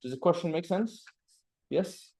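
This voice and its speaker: A man teaches an Arabic grammar class in a seminary classroom, calling on students by name to quiz them and reciting Arabic phrases between English explanations. His voice is high-pitched and darkish in tone, with lively intonation and an unhurried pace.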